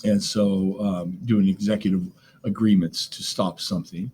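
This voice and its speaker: A man's voice: low-pitched, fairly even intonation, normal speed, darkish tone, a little hiss or hum. A man teaching a government lesson in a conversational way, with plenty of fillers and side remarks. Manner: conversational, lots of fillers, asides. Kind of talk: recorded class lecture on government notes.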